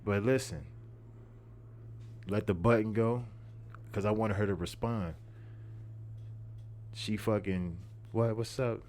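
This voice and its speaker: Deep-voiced young man. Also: slow pace, long pauses, darkish tone, a little hiss or hum. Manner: profane, repetitive, streetwise storytelling. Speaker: podcast host. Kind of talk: casual storytelling monologue.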